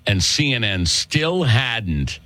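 Slow, animated Massachusetts-accented talk host. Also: male voice, mid-range voice, no echo. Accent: Worcester, Massachusetts. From Worcester, Massachusetts. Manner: chatty, addresses listeners as folks. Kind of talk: opinionated talk radio monologue.

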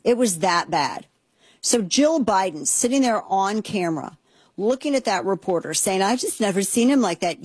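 A woman's voice: medium pitch, slightly rough, dry recording. A woman hosting a talk show, giving indignant, sarcastic commentary with plenty of emphasis. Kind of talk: opinionated commentary.

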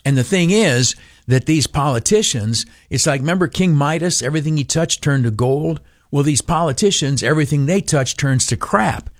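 A man's voice: mid-range voice, dry recording, studio quality. A middle-aged man hosting a grumpy political monologue, ranting with stammered restarts and many fillers. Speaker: commentary host.

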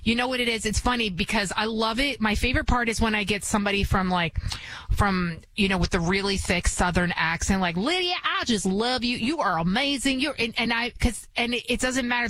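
A woman's voice: medium pitch, fairly bright tone, low-quality recording. Chatty Bronx-accented woman radio host. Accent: New York (Bronx). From the Bronx, New York. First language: not English. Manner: chatty, emphatic, many restarts. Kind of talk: casual talk radio monologue.

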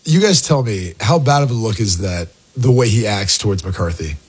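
Husky low-voiced man on sports radio. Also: expressive, normal speed. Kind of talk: sports talk radio banter.

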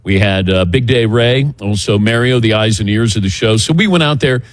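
A middle-aged man hosting a sports radio show outdoors, talking in a relaxed, chatty way and running through the show's rundown. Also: lowish voice, normal speed, no echo. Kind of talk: casual morning show talk. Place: outdoors by a golf driving range.

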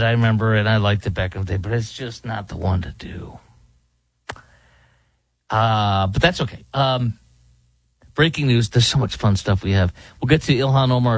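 A man's voice: on the low side, no room sound. A man guest-hosting a political talk radio show, mocking and joking in loose commentary.

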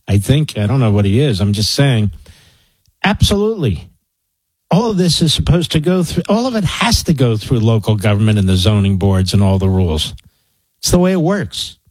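A male talk radio host with a slightly husky voice who argues his points with emphasis. His pitch swings up and down as he presses each point. The sound is dry and close. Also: darkish tone, no room sound, poor audio. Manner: emphatic, opinionated, rising and falling pitch. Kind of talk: talk radio, taking calls.

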